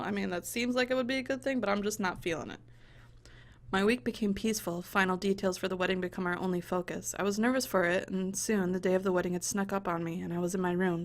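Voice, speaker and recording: A woman's voice: on the low side, gravelly. A young woman playing a visual novel, reading the story aloud and cutting in with profane, joking commentary. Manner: expressive, profane, jokey asides. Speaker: let's play host. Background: faint music.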